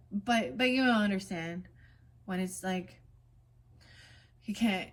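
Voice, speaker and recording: A woman reading oracle cards in a casual spiritual vlog, switching between slow, gentle card readings and rambling chatty asides. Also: mid-range voice. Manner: reads card meanings in a soft, slow cadence.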